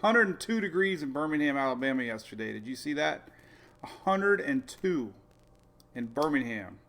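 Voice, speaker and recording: A middle-aged man hosting a casual weather livestream, rambling excitedly and laughing often. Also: fairly high pitch, normal speed. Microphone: phone or webcam on a live video stream.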